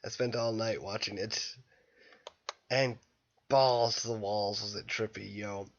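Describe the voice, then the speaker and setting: A tired young man rambling through a casual, irreverent movie review late at night, breaking into loud bursts when quoting scenes. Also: lowish voice, level tone, unhurried. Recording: dull lo-fi home recording.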